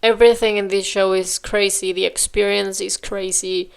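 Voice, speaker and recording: A woman's voice: mid-range voice, little pitch movement, moderate pace, vocal fry, smooth. A woman hosting a reaction video, talking back at the screen in exasperated, casual commentary and sometimes dropping to a whisper.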